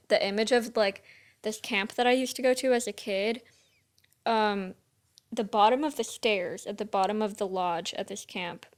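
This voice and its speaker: A young woman co-hosting a podcast, talking in casual chat with lots of "like" fillers. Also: medium pitch. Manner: chatty, full of "like" fillers. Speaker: podcast co-host.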